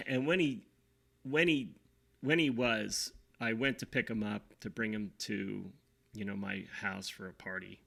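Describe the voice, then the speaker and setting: A man's voice: lowish voice, measured pace, creaky, sharp tone. A man co-hosting a podcast, chatting casually and affirming his partner's points. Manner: supportive listener, affirming. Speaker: podcast co-host. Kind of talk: casual chat.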